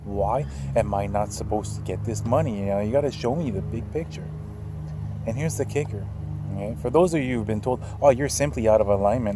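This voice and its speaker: Earnest rambling man, traffic noise behind. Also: lowish voice. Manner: rambling, repeats himself, earnest. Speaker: channel host. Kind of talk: casual storytelling to camera.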